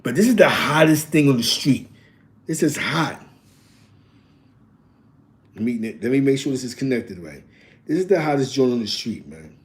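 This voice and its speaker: A man hosts with mixtape-DJ swagger, repeating the same hype tag and rattling off shoutouts. His voice sits in an ordinary middle pitch, loose and unpolished. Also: sing-song, normal speed, pauses often. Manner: repetitive hype, lots of shoutouts. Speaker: host.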